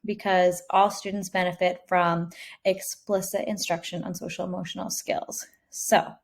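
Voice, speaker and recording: A woman's voice: on the low side, little pitch movement, normal speed, vocal fry. A kindergarten teacher, a woman, gives practical classroom advice in a reassuring, casual way.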